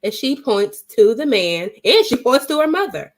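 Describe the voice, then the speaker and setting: A woman's voice: fairly high pitch, sing-song, normal speed. A woman vlogger telling a story in a casual, blunt and emphatic way, swearing freely and retelling it dramatically.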